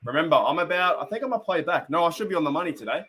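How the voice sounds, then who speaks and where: A young Australian man talks in a racing, expressive voice that's fairly high, fairly bright and slightly rough. On his casual fan live stream he rambles, chats with viewers and comments on a game, often laughing and welcoming viewers by name.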